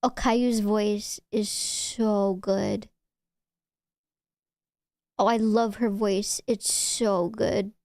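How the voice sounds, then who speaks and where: A woman's voice: medium pitch, flat delivery, drawn-out words, long pauses, darkish tone, no echo, studio quality. A woman streamer chatting casually with her viewers, gushing and often stumbling over her words. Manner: chatty, stammering restarts, gushing. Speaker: VTuber streamer. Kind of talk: casual chat with live chat.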